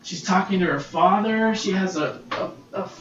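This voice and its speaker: A man's voice: high-pitched, moderate pace, fairly bright tone. A man hosting a casual solo podcast, gushing and swearing freely as he reviews comics, recorded on a laptop's built-in mic. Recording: roomy, distant, dull laptop-mic recording.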